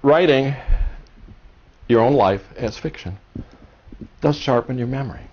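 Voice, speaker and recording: A man's voice: medium pitch, unhurried, a little mellow. A man in his sixties from Cuba, a historian speaking at a seminar, telling his story earnestly and with passion. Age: 60s. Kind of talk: seminar talk. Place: seminar room. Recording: dull lo-fi recording.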